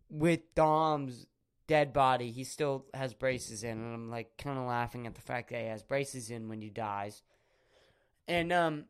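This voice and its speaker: A man's voice: on the high side, a bit bright, clear, resonant tone. A young man hosting a casual podcast monologue, rambling through crude, absurd stories with lots of fillers. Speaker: podcast host.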